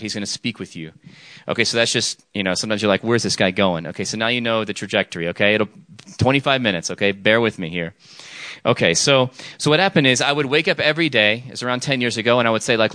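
Chatty bright-voiced male preacher. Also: medium pitch, no echo. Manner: chatty, frequent "okay?" and restarts, jokes with audience. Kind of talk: informal sermon.

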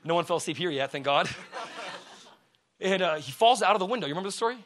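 High-voiced, fiery male preacher. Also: very fast. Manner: energetic, swings from shouting to hushed talk; slangy and conversational, asks the crowd questions. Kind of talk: sermon. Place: church before a congregation.

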